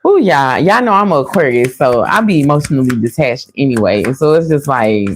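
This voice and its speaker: A woman's voice: very deep voice, expressive, a little fast, a little hiss or hum. A woman giving a casual, chatty tarot reading to her viewers, laughing often and calling them y'all. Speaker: tarot reader.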